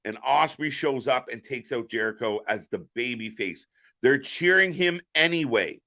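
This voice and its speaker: A man's voice: medium pitch, expressive, normal speed, bright, forceful tone. A man hosting a live reaction stream, giving opinionated, profane commentary.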